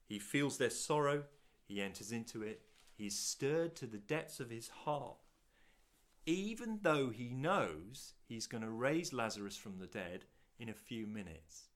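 A man preaching a sermon to an audience watching on video, asking rhetorical questions, swelling to loud peaks and dropping to hushed, slow lines. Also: medium pitch, lively intonation.

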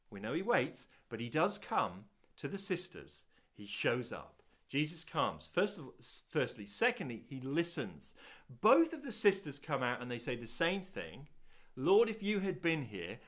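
A mid-range male voice preaches a sermon to an audience watching on video. He poses rhetorical questions, swelling to loud peaks and then dropping into hushed, slow lines.

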